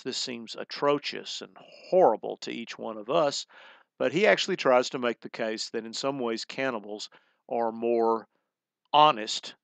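A man's voice: mid-range voice, creaky, a bit bright, dry recording. A middle-aged man giving a recorded college humanities lecture in a conversational way, explaining terms as he goes and often restarting his phrases.

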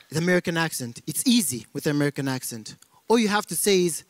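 A man's voice: a little high, expressive, quick pace, background noise. A man from Africa who grew up in Belgium, doing stand-up comedy in a playful way and mixing in Romanian words.

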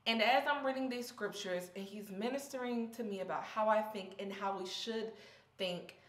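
A woman's voice: medium pitch, normal speed, a bit bright. Heartfelt young woman in echoey room. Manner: heartfelt and candid, near tears. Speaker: vlogger. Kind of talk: personal faith vlog.

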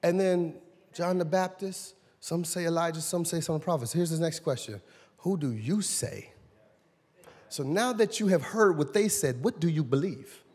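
A man pastor preaching a sermon, swinging between loud shouted lines and low quiet asides. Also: moderate pace, slightly rough. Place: church sanctuary. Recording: long reverb in a large church hall.

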